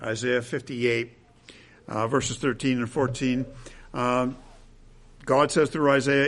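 A man's voice: medium pitch, flat delivery, slow, pauses often, a bit bright. A man preaching a sermon in a conversational way, dropping asides and checking in with his listeners.

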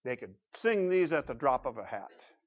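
A man's voice: mid-range voice, sing-song, moderate pace. A middle-aged man preaching a sermon as pastor, emphatic, asking the congregation rhetorical questions. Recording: dull lo-fi sound.

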